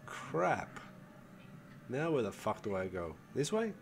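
Soft music plays under this gaming host, an older man whose medium-pitched voice is slow, sing-song, and touched with vocal fry. He rambles casually through his gameplay, thinking aloud, cursing without restraint, and addressing viewers as "folks."

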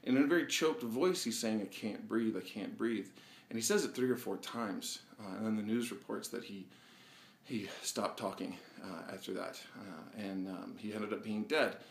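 A man hosting his own video blog, speaking earnestly and reflectively with many pauses and fillers, a little out of breath. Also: fairly low pitch, vocal fry. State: slightly out of breath. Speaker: vlog host. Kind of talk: personal video monologue. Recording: roomy echo.

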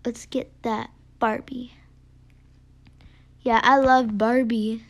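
High-pitched woman playing a game, slow bubbly chatter, lots of gasps and little whispers. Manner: excitable and chatty, gasps often and drops to whispered asides. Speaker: gaming video creator. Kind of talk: gameplay commentary.

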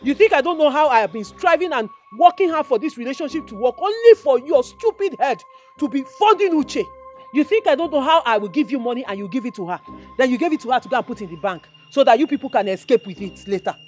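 An actress with a Nigerian accent playing a sharp-tongued fiancée who confronts the man she is to marry, mocking and scolding him in a Nigerian movie drama. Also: high-pitched, animated, quick pace. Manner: mocking, scolding, switches into pidgin taunts. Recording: faint background music score.

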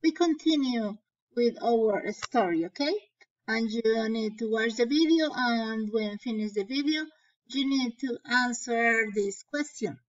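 Slow woman teacher reading aloud. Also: a little high, lo-fi sound. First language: Spanish. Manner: slow, explaining and translating into Spanish. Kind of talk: reading a story aloud to children.

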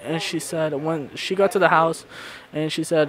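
A man preaching a sermon, retelling scripture stories in a halting way and often repeating his words. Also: a little high, fairly even intonation, fairly bright tone, low-quality recording. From Florida congregation. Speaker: pastor.

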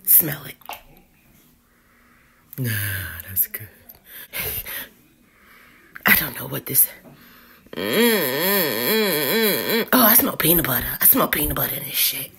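A woman reviewing candles in a casual vlog, slangy and dramatic, cussing and swinging from mutters to loud outbursts. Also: low-pitched, very animated, slow pace, creaky, pauses often, husky.

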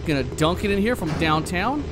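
Animated man narrating a horror game. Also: sits high, a little fast, noisy background. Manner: animated, jokey running commentary. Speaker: gaming video creator. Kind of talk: horror game playthrough commentary. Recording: loud game music behind voice.

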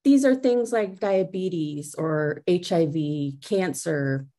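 A woman's voice: lowish voice, slow pace, mellow. A middle-aged woman giving a conference talk over a video call, speaking conversationally with fillers and restarts.

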